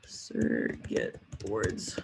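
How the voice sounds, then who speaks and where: A man leading a software training demo, thinking aloud with a lot of fillers and hesitation. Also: extremely slow, noisy background. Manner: rambling, hesitant, many fillers. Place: at a computer. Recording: echoey room with faint typing.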